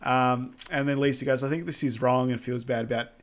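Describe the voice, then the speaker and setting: A man co-hosting a podcast, rambling through a film recap with lots of filler words and quick asides. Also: medium pitch, fairly even intonation. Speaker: podcast co-host. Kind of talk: casual film recap chat.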